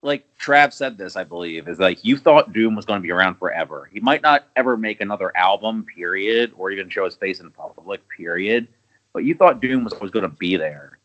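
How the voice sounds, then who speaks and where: A man's voice: fairly low pitch, expressive, a little fast, a bit bright, lo-fi sound. A man hosting a podcast in a casual, rambling chat, swearing and restarting his thoughts often. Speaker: podcast host.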